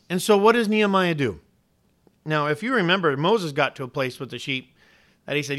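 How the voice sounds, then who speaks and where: A man's voice: fairly high pitch, animated, brisk, sharp tone. A male pastor preaching a sermon, putting questions straight to the congregation and leaning hard on key words. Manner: preaching with rising emphasis and direct questions to the congregation.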